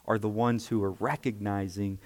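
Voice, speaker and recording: A man's voice: fairly low pitch, level tone, moderate pace, a little mellow, big-room sound. A man preaching a sermon, explaining scripture emphatically and checking in with his listeners.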